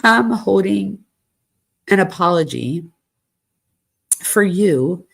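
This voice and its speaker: A woman's voice: fairly low pitch, lively intonation, slow, creaky, full character voice. A woman reading aloud the text messages of a hurt young man who wants an apology, in a lightly raised voice.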